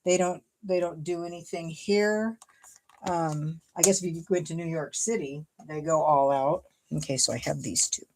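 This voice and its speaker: A woman's voice: sits low, moderate pace, slight background noise. A woman from Ohio chatting casually and thinking aloud as she makes a paper card. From Ohio, USA. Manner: chatty, thinks aloud while cutting and gluing. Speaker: card-making crafter, host. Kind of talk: casual crafting livestream chat.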